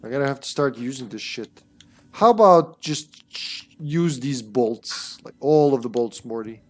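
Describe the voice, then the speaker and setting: A man's voice: medium pitch, lively intonation, a little slow. A young man giving casual, rambling gameplay commentary as a streamer, with critical asides and mild swearing.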